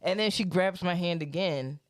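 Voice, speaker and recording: Profane, animated woman telling a story. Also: fairly low pitch, moderate pace. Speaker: podcast host. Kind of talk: casual storytelling chat.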